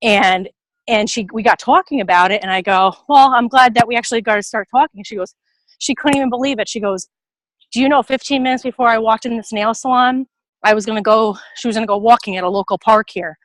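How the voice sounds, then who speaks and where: A woman on a video call from her garden, out of breath from carrying heavy bags, telling an animated story and acting out what people said. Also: on the high side, quick pace, no room sound, low-quality recording. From New York area. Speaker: team member sharing a story. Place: outdoors in a garden.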